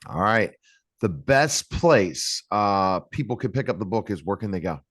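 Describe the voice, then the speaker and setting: A man's voice: fairly low pitch, animated, measured pace, a bit bright, slightly rough, no echo. A man hosting his own interview show, asking chatty, rambling questions in a casual way. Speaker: show host.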